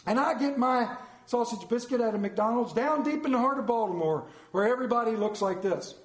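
High-voiced playful preacher man. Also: fairly quick. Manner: animated, playful, mimics voices in anecdotes. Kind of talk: storytelling sermon. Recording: echoey room.

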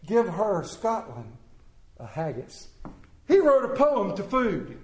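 A man telling comic stories to a live audience, animated and playful with emphatic swings. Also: extremely high pitch, normal speed. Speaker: speaker entertaining an audience. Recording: roomy echo.

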